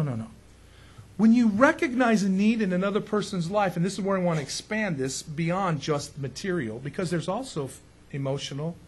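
A pastor talks through his sermon loosely and conversationally, his fairly high voice carrying a husky, breathy edge. He cracks jokes, hammers his points with emphasis, and repeatedly turns to his listeners with questions.

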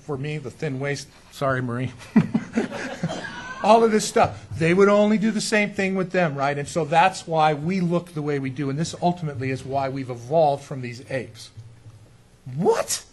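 A man's voice: a little high, moderate pace. A middle-aged male pastor preaching a sermon in a folksy, sarcastic style with indignant outbursts.

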